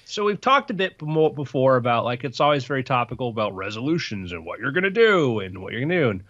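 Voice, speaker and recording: A man's voice: mid-range voice, big pitch swings, quick pace, a bit bright, dry recording, lo-fi sound. A man hosting a casual podcast, teasing his co-hosts in a wry way. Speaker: podcast host.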